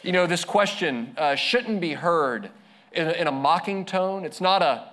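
A man preaching a sermon as a pastor, earnest, slowing down and dropping softer to stress his points. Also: a little high, expressive.

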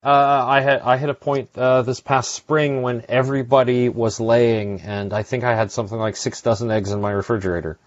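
A man's voice: mid-range voice, steady tone, moderate pace, hardly any pauses, dry recording. A man hosting a podcast, chatting casually and rambling with lots of fillers and restarts. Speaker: podcast host. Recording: dry, dull lo-fi sound.

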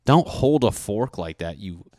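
A man hosting a podcast, ranting in a casual, profane and animated comic way into a handheld microphone. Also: fairly low pitch, a little slow, no echo. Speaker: podcast host. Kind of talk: casual comedic rant.

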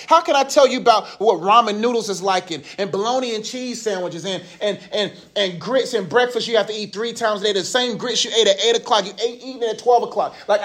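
A man's voice: high-pitched, a bit bright. A man in his thirties giving a casual, joking Bible lesson to a youth group. He uses slang and asks the group questions.

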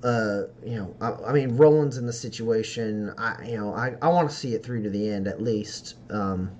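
A man voicing an easygoing adult traveler in a tabletop game, halting and full of restarts. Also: fairly low pitch, a little mellow, slight background noise, close to an everyday voice. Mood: hesitant. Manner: halting, hesitant, many restarts. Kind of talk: in-character tabletop role-play.

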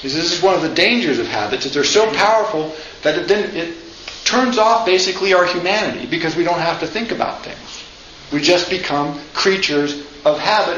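High-voiced man lecturing in an echoey room. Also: a bit bright. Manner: chatty, asks "right?" often, acts out quotes, laughs. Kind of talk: informal lecture. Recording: echoey room, slightly dull sound, faint noise.

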